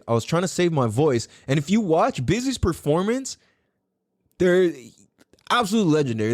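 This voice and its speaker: A man hosting a podcast in casual chat, swearing freely and jumping up into a higher voice to act out what others said. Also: no echo, studio quality. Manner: animated, swears a lot, acts out quotes in a higher voice. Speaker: podcast host.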